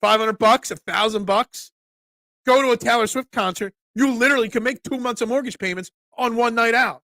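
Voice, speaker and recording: A congested man in his forties hosts a casual sports talk stream, his high, bright voice cracking now and then. He rambles loosely as he answers chat comments, on a dry, close mic. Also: brisk, no room sound. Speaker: sports talk show host.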